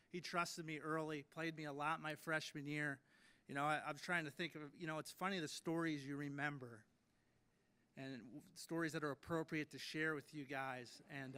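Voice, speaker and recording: A slightly high, pushed and bright voice with a smooth quality belongs to a man in his late thirties delivering an induction speech in a ceremony hall. He shares stories that poke fun at himself, often using fillers and starting over.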